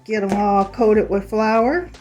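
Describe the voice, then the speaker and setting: Slow-talking woman hosting a cooking video. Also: medium pitch, darkish tone, muffled recording, faint music behind. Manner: unhurried, chatty, talks to viewers as "you guys". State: slightly hoarse with a lingering cough. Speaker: cooking channel host. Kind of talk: home cooking demonstration.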